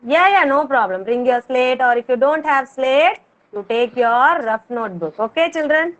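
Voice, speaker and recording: A kindergarten teacher, running an online class and patiently repeating words for the children to echo. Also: female voice, sits high, lively intonation, moderate pace, muffled recording. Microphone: video call.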